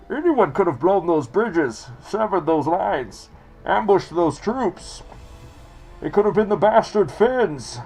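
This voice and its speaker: A man's voice: a little mellow, full character voice. A man putting on a muffled, menacing masked villain's voice to read game text dramatically, with a strained timbre. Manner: theatrical, booming, menacing reading.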